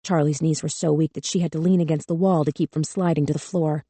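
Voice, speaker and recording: Measured, grave woman narrator with a darker tone, dry close studio sound. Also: low voice, steady tone, mellow, husky, dry recording. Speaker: audiobook narrator. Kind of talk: scripted narration.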